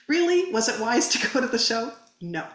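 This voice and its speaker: A woman's voice: fairly high pitch, moderate pace, a bit bright. A woman guest on a podcast, earnestly retelling a personal story and acting out the dialogue. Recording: roomy echo.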